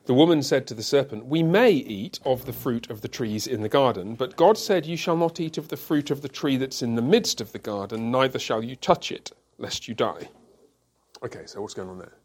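A man's voice: medium pitch, moderate pace, darkish tone, husky. A man leading a Bible study group. He asks the group questions and explains each point step by step, using everyday examples.

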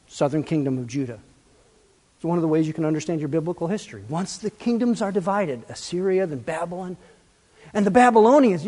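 A man preaching a sermon, animated and full of rhetorical questions, swinging between loud and soft. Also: sits high. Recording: long reverb.

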